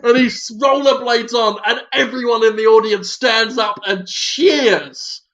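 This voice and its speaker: A man's voice: extremely high pitch, unhurried, fairly bright tone, muffled recording. A man co-hosting a podcast, rambling through an improvised comic story and checking in with "right?". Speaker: podcast co-host.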